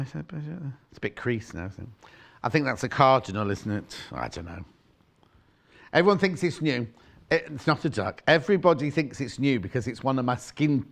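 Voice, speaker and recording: On a live shopping broadcast from a TV studio, a man from the United Kingdom teases his co-host, banters playfully and calls out fabric prices. His voice is gravelly and medium in pitch, picked up by a clip-on microphone.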